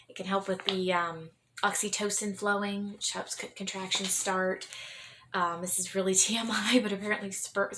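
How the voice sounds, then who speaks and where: A young adult woman tells her own story candidly and ramblingly, frequently restarting sentences and laughing softly. Her voice is medium-pitched, and the background is noisy.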